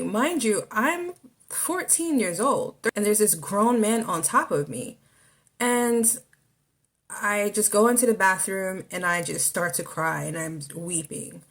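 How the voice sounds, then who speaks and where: A woman podcast host giving a personal testimony, speaking haltingly with many fillers. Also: mid-range voice, a bit bright.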